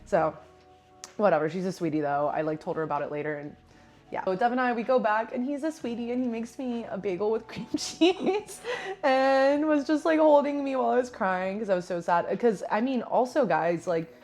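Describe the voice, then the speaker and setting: A woman's voice: on the high side, a little fast, a little mellow, soft background music. A woman in her twenties telling a casual storytime, chatty, laughing often and saying "like" a lot. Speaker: vlogger.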